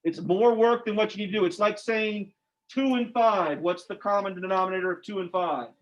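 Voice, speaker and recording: A math teacher jokes informally with his class while working through algebra problems and quizzing students. His voice is high-pitched and brisk, captured in a dull lo-fi classroom recording.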